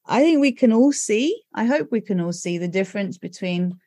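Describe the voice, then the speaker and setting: A woman's voice: mid-range voice, moderate pace, no echo. A middle-aged woman hosting a podcast, talking candidly, often adding "right?" and "you know" as she tells stories. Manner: animated storytelling with many "right?" and "you know". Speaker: podcast host. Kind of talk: candid casual conversation.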